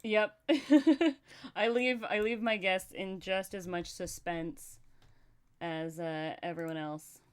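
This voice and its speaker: A chatty woman hosts a livestream in a casual chat, speaking slowly in a smooth, medium-pitched voice. She laughs often and talks to herself.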